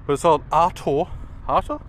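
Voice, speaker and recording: A man's voice: fairly high pitch, fairly quick. A young Australian man rambling casually as he rates names, sounding them out and adding self-mocking asides. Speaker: video creator rating player names. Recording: outdoor traffic noise.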